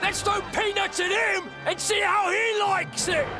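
An actor voicing a brash male surfer fish in a cartoon, shouting with a Cockney accent, in a clip played with loud music behind. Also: extremely high pitch, steady tone, measured pace. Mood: heckling. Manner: shouting, heckling.

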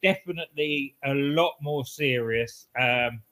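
A man's voice: mid-range voice, measured pace, sharp tone. A man co-hosting a casual wrestling podcast, telling rambling anecdotes and chuckling at his own jokes. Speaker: podcast co-host.

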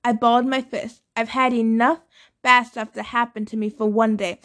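A woman's voice: level tone, normal speed. Woman reading a novel aloud. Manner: acts out dialogue with louder, higher shouts. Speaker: audiobook reader.

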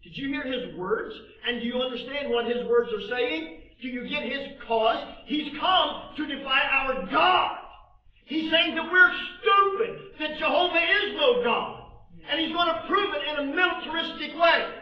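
A man doing an indignant young shepherd, shouting. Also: extremely high pitch, moderate pace, pitched above the performer's own voice. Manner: shouting, rising to a strained yell. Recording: distant, echoey, dull sound.

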